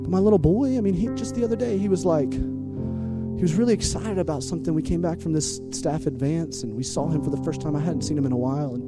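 A man preaching a lively, humorous sermon as pastor, energetic and jokey, swinging from loud calls to hushed asides. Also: a little high, fast, loud music behind the voice.

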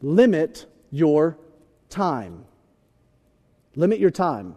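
A young man delivers a sermon with playful, animated energy, slipping into little acted-out bits. His voice sits high and swings widely in pitch. The sound carries the long reverb of a large hall. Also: very slow. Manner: animated, joking, acts out voices. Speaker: pastor.

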